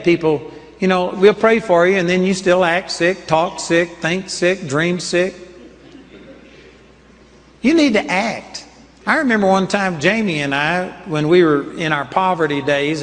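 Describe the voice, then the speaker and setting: An older man preaching a sermon, telling personal stories in an earnest, emphatic way. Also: a little high. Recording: long hall reverb.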